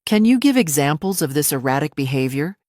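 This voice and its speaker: A woman voicing a male lawyer gently prompting his client's testimony. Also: low voice, big pitch swings, brisk, no room sound, clean studio sound. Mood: smooth. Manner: smooth, prompting, then indignant objecting. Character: sympathetic male lawyer for the family.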